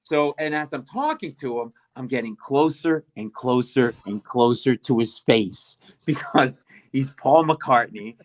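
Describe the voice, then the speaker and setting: A man's voice: mid-range voice, animated, measured pace, few pauses. A middle-aged male comedian, a guest, telling a self-deprecating story with lots of energy and acting out the dialogue. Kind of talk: comic storytelling.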